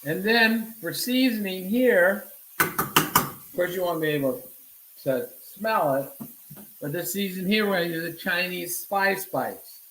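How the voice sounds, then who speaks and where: A man's voice: sits high, a bit bright, echoey room, rough recording. A man giving a casual cooking demonstration, talking to viewers as he cooks and answering his own questions. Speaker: cooking instructor. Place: home kitchen.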